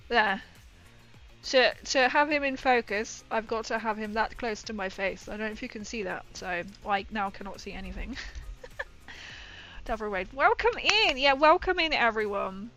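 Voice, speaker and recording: Bright, bubbly woman streamer. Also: medium pitch, a little slow, faint music behind. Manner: chatty, excitable, greets viewers warmly. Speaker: livestream host painting miniatures. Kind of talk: casual livestream chat.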